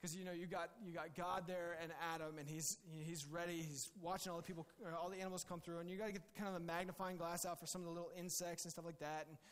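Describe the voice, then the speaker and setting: A man's voice: on the high side, level tone, quick pace, hardly any pauses, a bit bright, smooth, long reverb tail. A male pastor giving a conversational, jokey sermon with many restarts.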